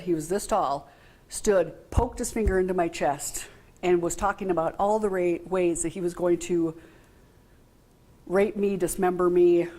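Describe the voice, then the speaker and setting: Woman trainer, lower voice, plain-spoken, chatty and direct with the group. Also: a little mellow. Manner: frank, conversational, asks the room questions. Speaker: workshop trainer. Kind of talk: informal training talk to a group.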